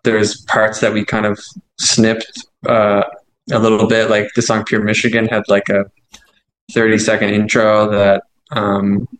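A man's voice: lowish voice, monotone, measured pace, a little hiss or hum, poor audio. A man who writes his band's songs, talking casually in an interview, rambling and self-deprecating with lots of fillers. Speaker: songwriter and band frontman.

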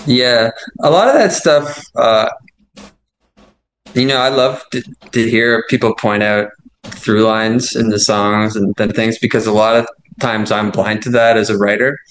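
A man's voice: fairly low pitch, fairly even intonation, a little slow, a bit bright, slight background noise, rough recording. A man who writes his band's songs, talking casually in an interview, rambling and self-deprecating with lots of fillers. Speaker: songwriter and band frontman.

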